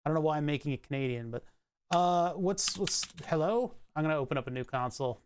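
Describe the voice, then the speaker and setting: A streamer thinking aloud while fixing software on a live stream, cursing and laughing at the frustration. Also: mid-range voice, expressive, fast, slight background noise.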